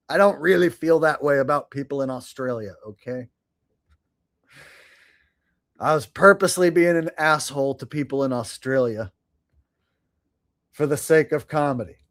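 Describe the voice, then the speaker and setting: A man's voice: fairly high pitch, a bit bright, no echo, studio quality. A man hosting a live stream, chatting casually and sarcastically, swearing freely and laughing at his own jokes.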